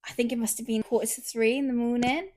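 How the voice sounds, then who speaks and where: A woman hosting a podcast, chatting casually and acting out her stories loudly. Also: a little high, fast. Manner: animated storyteller, swears, acts out quotes loudly. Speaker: podcast host. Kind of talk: casual chat.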